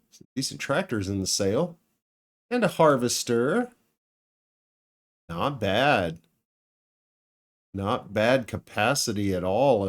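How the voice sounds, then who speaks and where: A man giving casual commentary over his farming game, musing aloud and chuckling now and then. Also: medium pitch. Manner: musing aloud, thinking out loud with small laughs. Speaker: let's play gamer.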